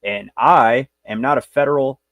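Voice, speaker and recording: Gravelly man lecturing on a livestream. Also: medium pitch, moderate pace, fairly bright tone, no echo. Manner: brash, profane, rambling. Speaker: show host.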